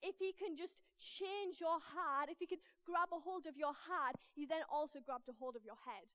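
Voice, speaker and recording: A woman with a Northern English accent preaching a lively storytelling sermon in church, acting out the voices in her anecdotes. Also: high voice, normal speed, no room sound. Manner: animated, acts out voices in anecdotes.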